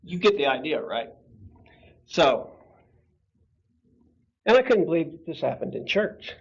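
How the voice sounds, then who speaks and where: A man in his fifties tells a personal story to a church class in a casual, conversational way, stopping to laugh and to put questions to his listeners. His voice sits a little high for a man. The recording is muffled and lo-fi. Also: sing-song, a little slow, gravelly. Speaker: Bible class teacher. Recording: dull lo-fi room recording.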